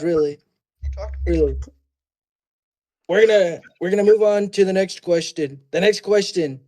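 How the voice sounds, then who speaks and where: A man's voice: fairly high pitch, warm tone, close to an everyday voice. Young man doing a blustering old politician. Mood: scolding. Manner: repetitive, self-interrupting, bragging. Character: blustering older male politician, boastful and rambling. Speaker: debate moderator. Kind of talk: mock debate impression.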